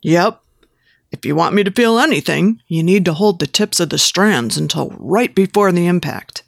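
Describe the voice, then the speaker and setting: A woman's voice: fairly low pitch, animated, moderate pace, creaky, no echo, clean studio sound. A woman voicing a pushy, lecherous male photographer who coaxes and gives step-by-step instructions in an erotic audiobook. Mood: coaxing. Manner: coaxing, giving step-by-step instructions.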